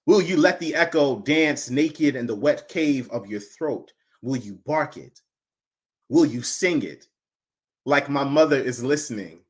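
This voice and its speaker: A man performing a spoken word poem, building from low and hushed to loud, chanting intensity. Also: expressive, measured pace. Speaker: poet.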